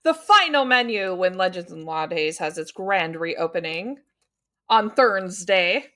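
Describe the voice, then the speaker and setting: Woman, podcast co-host, casual book chat, slow unhurried delivery, bright lively voice. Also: fairly low pitch. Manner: laughs easily, reads aloud playfully.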